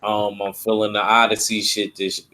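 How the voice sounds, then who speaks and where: A laid-back man chatting casually, mumbling his words in easy slang. His voice is on the low side and stays flat, with little rise or fall. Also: normal speed, a crowd in the background. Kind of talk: casual chat.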